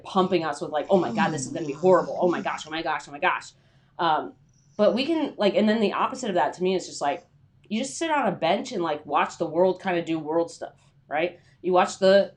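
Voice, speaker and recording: Woman freelance writer, casual livestream advice, lowish voice, rambling, lots of fillers. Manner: chatty, rambling, many "like" fillers.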